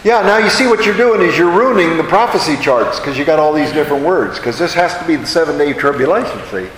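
A man's voice: fairly high pitch, animated, quick pace, fairly bright tone, reverberant, long reverb tail, a little hiss or hum, poor audio. A man teaching a Bible study in a conversational way, often putting questions to his audience.

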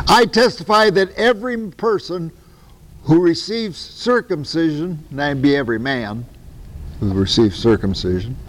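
Reverberant preacher teaching from scripture. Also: male voice, mid-range voice. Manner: reads scripture aloud, breaks in with asides; animated, swings between loud and soft. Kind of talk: Bible teaching sermon. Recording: long reverb of a large hall.

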